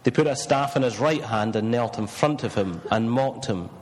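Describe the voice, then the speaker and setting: A man reading scripture slowly, then preaching a sermon with frequent fillers. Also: medium pitch, a little mellow, in a large hall, a little hiss or hum, low-quality recording.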